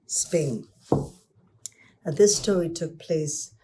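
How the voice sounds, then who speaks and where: Storyteller woman, low and warm, informal pace with restarts. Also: extremely slow. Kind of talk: telling stories to children.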